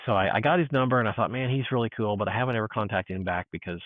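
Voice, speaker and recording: A man telling a personal encounter story in casual chat, animated and full of restarts, acting out what people said. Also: on the low side, rapid-fire, no echo. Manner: animated storyteller, restarts, acts out quoted dialogue. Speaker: guest. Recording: tinny phone-like line.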